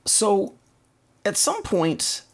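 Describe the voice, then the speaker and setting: A man's voice: high-pitched, huge pitch swings, extremely slow, creaky, background noise. A man hosting a podcast, casually recounting cartoon plots in detail. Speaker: podcast host. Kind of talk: casual cartoon recap chat.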